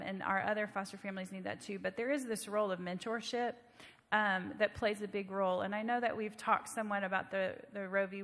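A woman's voice: mid-range voice, a bit bright, big-room sound. A woman speaking conversationally and emphatically on a church panel.

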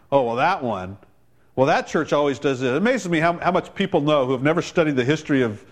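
Male pastor, sermon delivery, a touch high-pitched, punchy quoted asides, builds to forceful climaxes. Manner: preaching with dramatic rises in pitch and volume; quotes others in voiced asides.

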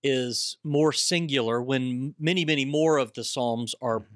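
A man's voice: medium pitch, measured pace, a bit bright, no echo, clean studio sound. A man speaking earnestly, almost like a preacher, as a panelist in a bible study discussion.

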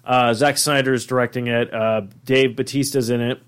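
Excitable swearing man in casual chat. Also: mid-range voice, moderate pace, clear, resonant tone. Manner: excitable, swears a lot, animated storytelling.

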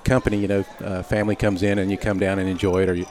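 Quick, slightly low-voiced male guest. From Southern California. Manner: relaxed, halting with fillers. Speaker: guest race car designer. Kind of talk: casual interview.

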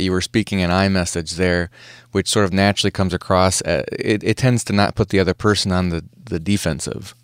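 A man's voice: lowish voice, brisk, clean tone, no room sound, clean studio sound. A man hosting an interview, asking thoughtful questions with frequent restarts. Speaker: interview host.

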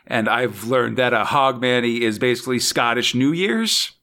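A man's voice: medium pitch, normal speed, pushed and bright. A man hosting a casual podcast chat, rambling and hesitant, with lots of fillers and small laughs. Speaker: podcast host.

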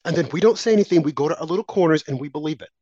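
Warm, breathy, and medium in pitch, a political commentator rattles off an impassioned monologue at rapid-fire speed. He repeats phrases, asks rhetorical questions, and derides opponents in quoted asides. The lo-fi audio is slightly dull and without echo.

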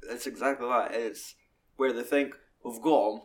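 A young Scottish man chatting casually about a film, sweary and animated as he retells scenes. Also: mid-range voice, normal speed. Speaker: podcast co-host.

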